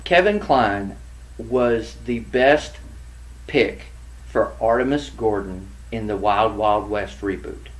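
A man's voice: on the low side, slow pace, rough recording. A middle-aged man co-hosting a casual chat about recasting films, hesitant, with many fillers and restarts. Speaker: podcast co-host.

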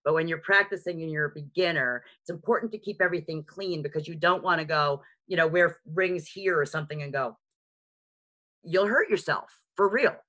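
Over a video call microphone, a woman with a strong New York accent teaches a live online beginner class in sign language. Her low voice comes across bright and forceful. She's lively, chatty and frank, dropping quick asides and jokes at her own expense.

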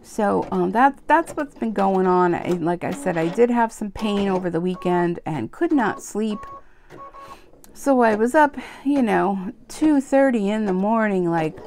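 Brief: woman, embroidery vlog host, rambling and chatty, a bit tired, slightly gravelly, faint machine hum. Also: medium pitch, expressive, measured pace, a little mellow. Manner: rambling, chatty, self-deprecating, lots of fillers. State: tired, yawning. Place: home sewing room, sewing machine running.

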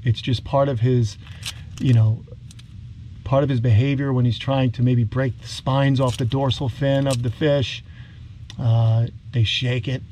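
A man's voice: medium pitch, warm tone. Casual vlog host, man, New York accent, upbeat outdoors with faint background noise. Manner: enthusiastic, talks to the lizards like pets. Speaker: reptile keeper and channel host. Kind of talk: casual outdoor vlog narration while feeding animals.

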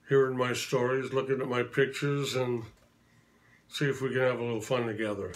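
A man in his sixties tells stories straight to the camera in a chatty, anecdotal way. His voice sits at a medium pitch. He slips into little voices for the people in his stories. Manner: chatty anecdotal, acts out quotes. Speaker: tribute performer telling stories. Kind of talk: casual storytelling to camera.

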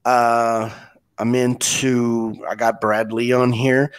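A man hosting a podcast, telling stories in a relaxed way with frequent restarts. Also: mid-range voice, takes it slowly, smooth. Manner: relaxed storytelling, many restarts. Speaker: podcast host. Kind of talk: casual interview chat.

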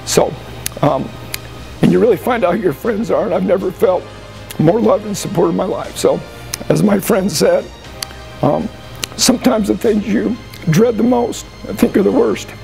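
An American football coach speaking emotionally at a team banquet, halting and pausing as he addresses the room. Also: high voice, vocal fry, a little mellow, faint music behind, rough recording. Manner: halting, emotional, with frequent pauses and restarts. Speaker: high school football coach.

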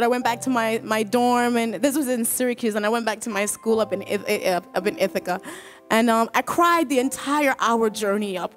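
A woman with a high, light voice tells her church testimony in an earnest, emotional way. She stumbles, repeats herself and laughs as she goes. Soft worship music plays faintly behind her. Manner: halting, repeats and restarts words, laughs often. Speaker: choir member giving a testimony. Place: church service.

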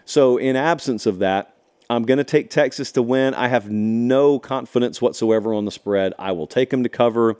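A middle-aged man hosts a college football show and talks through a matchup on his own. He is emphatic and animated, and he slips in dry, sarcastic asides. His voice sits at an ordinary pitch. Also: moderate pace, smooth. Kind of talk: solo sports analysis talk.

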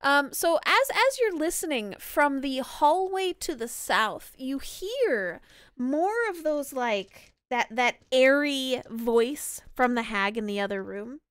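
A woman's voice: high voice, big pitch swings, slow pace, a bit bright, clear, resonant tone, no room sound. A woman narrating as game master of an online tabletop game, rambling with frequent restarts.

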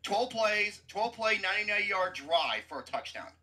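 A man hosting a podcast, ranting about football in a loud, cursing, mocking way. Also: high voice, sing-song, moderate pace. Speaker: podcast host. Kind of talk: profane sports rant.

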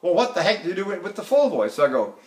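An older man gives a lecture on vocal technique, and his speaking voice sits high for a man. He talks casually to his students, tells stories and keeps asking "see?" as he makes a point. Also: big pitch swings, fast. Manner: chatty and anecdotal, breaks into sung opera demonstrations; addresses students directly with frequent "see?". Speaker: voice teacher.

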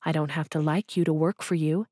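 Brief: woman narrator playing a guarded young office assistant, clipped and cool, slightly raised pitch, dry close sound. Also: fairly even intonation, a little fast, dark tone, dry recording. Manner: clipped, coolly professional.

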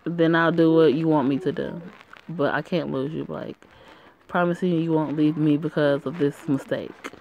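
A woman reading the lines of a cold, pushy young boyfriend in a flat, barely changed voice. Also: deep voice, moderate pace, vocal fry, muffled recording.

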